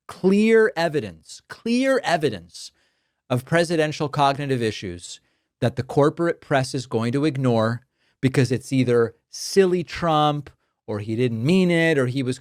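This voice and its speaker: A man narrating political video clips in a brisk, sardonic way. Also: medium pitch, lively intonation, no echo, studio quality. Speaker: political commentator.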